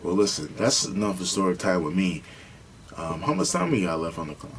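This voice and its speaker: A young male podcast co-host with a low voice speaks a little quickly, sharing stories in easygoing conversation. He's lively and performs the voices of those he quotes. The audio is poor, with slight background noise.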